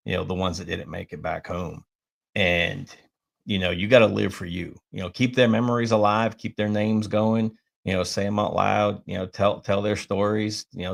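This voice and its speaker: Deep gravelly male co-host. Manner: earnest, plainspoken advice. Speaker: veteran co-host. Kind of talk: casual podcast chat.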